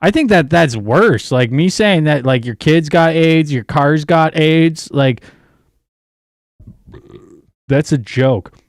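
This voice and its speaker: A man's voice: a little high, takes it slowly, long pauses, no room sound, clean studio sound. A young man hosting a livestream, ranting in a profane, rambling way while distracted by his phone and screen. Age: young adult. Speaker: livestream host. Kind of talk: casual livestream rant.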